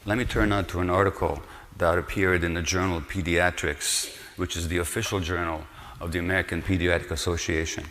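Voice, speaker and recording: Low-voiced older man lecturing in a hall. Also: flat delivery, fairly quick, few pauses, a bit bright. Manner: earnest, emphatic, with rhetorical questions. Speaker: speaker giving a lecture. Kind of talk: public lecture. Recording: long reverb of a lecture hall.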